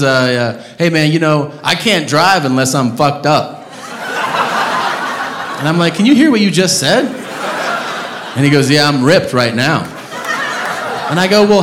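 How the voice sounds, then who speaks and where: Profane stand-up comedian in a roomy club. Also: male voice, on the high side. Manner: loud, profane, swings into shouted rants. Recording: roomy live club recording with audience noise. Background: audience laughter.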